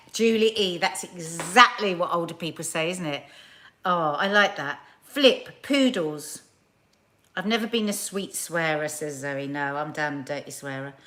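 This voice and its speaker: A woman's voice: low-pitched, measured pace, bright, forceful tone. A woman hosting a live stream, chatting casually and reading viewer comments aloud with playful, exaggerated delivery. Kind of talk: casual chat.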